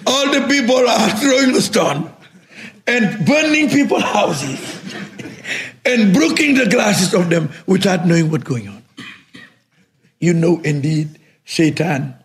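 Man, religious teacher, sermon, fairly high voice, loud then very quiet. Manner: non-native English, asks listeners if they follow, swings between loud and very quiet.

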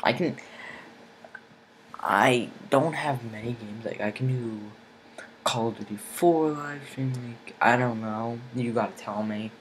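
A man's voice: medium pitch, a little slow, a little hiss or hum. Rambling teenage boy gamer. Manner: rambling, filler-heavy, gets excited during fights. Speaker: gaming channel host. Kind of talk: casual let's-play commentary.

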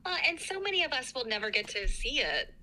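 Quick, very bright-voiced woman co-host. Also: high-pitched, very animated, low-quality recording. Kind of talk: casual chat.

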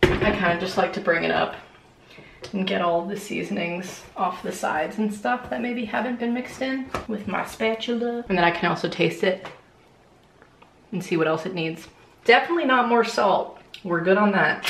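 A woman's voice: mid-range voice, moderate pace. A young woman casually chatting as she cooks and eats at home, bubbly and swearing now and then. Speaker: cooking vlogger. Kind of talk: casual cooking vlog. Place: home kitchen. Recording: echoey kitchen, clear background noise.

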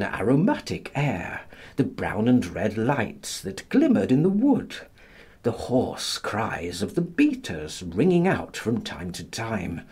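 A man narrating a classic novel as an audiobook in a dramatic, expressive manner. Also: fairly low pitch, breathy edge.

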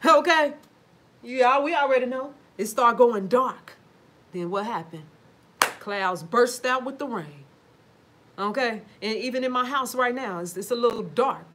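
A slightly high, slightly slow, somewhat bright female voice comes through with a little hiss or hum. She's a livestreamer reading comments from home, talking casually and emphatically to viewers while swearing without restraint.

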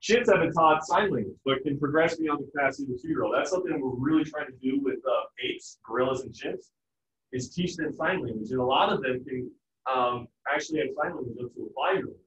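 Brisk and a bit bright at medium pitch, this male biology teacher lectures in a relaxed, joking way and acts out voices of family members. The recording has slight hiss or hum and sounds echoey, distant and dull.

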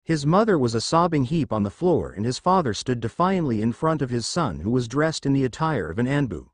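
A man narrates fan fiction aloud in a steady storytelling manner. His mid-range voice moves a little fast, and the dry recording has clean studio sound.

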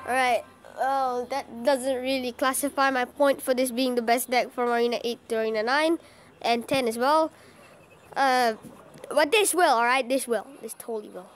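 A woman giving excitable live commentary over her own card-battle game, cheering and groaning at every play. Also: high voice, moderate pace, soft background music. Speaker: gaming channel host.

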